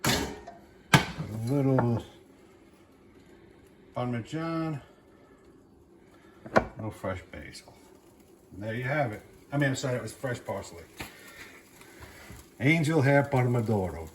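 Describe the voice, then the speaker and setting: In a home kitchen, a man hosts a casual cooking show, talking easily with fillers as he cooks and plates a dish. His medium-pitched voice moves slowly with frequent pauses. Heavy background noise includes clattering dishes and pans.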